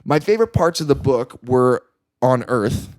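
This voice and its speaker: A man talking casually about a movie on a podcast. He rambles, stacks up fillers and restarts his sentences, and slips into lively little impressions as he goes. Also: mid-range voice, normal speed. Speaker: podcast guest. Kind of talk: casual film discussion.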